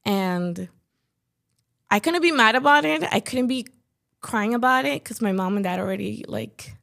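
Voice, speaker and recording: A woman's voice: on the high side, lively intonation, normal speed, gravelly, fairly bright tone. A young woman from Chicago, a podcast guest, talking in a casual, chatty way and leaning heavily on "like" and "you know". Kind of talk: casual interview chat.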